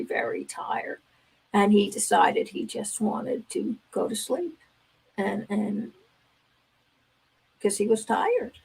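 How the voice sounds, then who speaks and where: A woman's voice: medium pitch, creaky, husky, low-quality recording. An older woman, a grandmother, speaks as a guest on a talk radio show, telling stories earnestly and acting out the conversations in them. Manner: earnest storytelling, acts out dialogue.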